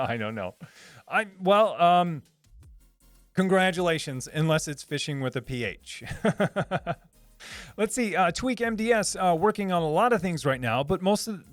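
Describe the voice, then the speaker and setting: A man's voice: high voice, no room sound. Upbeat man chatting on a live stream. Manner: upbeat, repeats words, many fillers and restarts, laughs often. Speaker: livestream host reading chat. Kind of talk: casual live chat.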